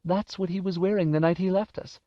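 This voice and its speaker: Old mother figure, tearful and tender, pitched up high, as a male reader puts her on; dull dry recording. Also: fairly even intonation, a little fast, no echo, natural voice. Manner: pleading, tearful, soft.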